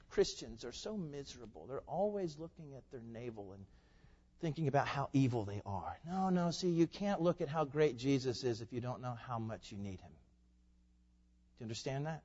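A man preaching with lots of energy, climbing to loud, emphatic peaks and then dropping to quiet, low asides. His fairly high voice carries a long echo through a hall, and the sound is a bit muffled. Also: animated, brisk. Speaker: pastor. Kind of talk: sermon.

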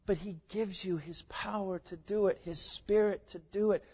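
A preacher with a high-pitched male voice delivers an impassioned sermon in a church. He fires off rhetorical questions, drops to a hush, then surges back up. The recording is dull and lo-fi, with a long hall reverb trailing each phrase. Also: steady tone, moderate pace, few pauses, slightly rough. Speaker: pastor. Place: church sanctuary.

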